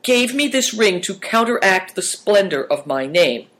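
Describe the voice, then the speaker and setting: A man puts on a bold young boy who speaks formally and tries hard to please. The voice sits well above the reader's usual pitch and carries a slightly louder, earnest push. It is clearly a reader doing a voice for a storybook. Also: very animated, moderate pace.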